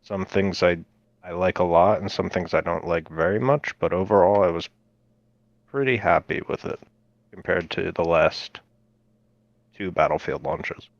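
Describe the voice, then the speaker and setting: A man speaking as a podcast guest, halting and measured. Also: sits low, fairly even intonation, dry recording. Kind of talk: casual podcast chat. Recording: slightly dull lo-fi audio.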